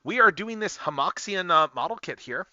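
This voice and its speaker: A male livestream host with a high, sharply bright voice talks casually as he works, rambling and thinking out loud with bursts of excitement. The recording is a little dull and lo-fi, with a dry sound and no room echo. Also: moderate pace. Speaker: livestream host building model kits.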